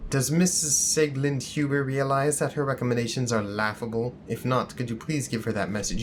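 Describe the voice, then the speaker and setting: A man's voice: mid-range voice, fairly even intonation, moderate pace, slight background noise. A man hosting a gaming channel, giving casual let's-play commentary in a jokey, rambling, self-deprecating way. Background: game music.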